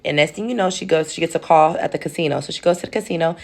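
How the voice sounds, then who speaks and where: A woman's voice: sits low, very fast, darkish tone. A woman telling a story in a casual vlog, chatty and talking to her viewers like family, acting out the people in her story. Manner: acts out the people in her story in different voices. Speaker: storytelling content creator.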